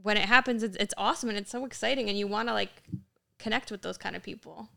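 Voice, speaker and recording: Gravelly, bright-voiced young woman chatting. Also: mid-range voice, quick pace. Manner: animated storyteller, acts out quotes in Italian. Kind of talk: casual chat.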